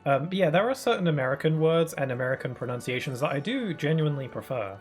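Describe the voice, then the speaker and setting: A man's voice: a little high, animated, fast, faint music behind. A man with a British accent, a gaming streamer, musing casually with rambling fillers while he plays.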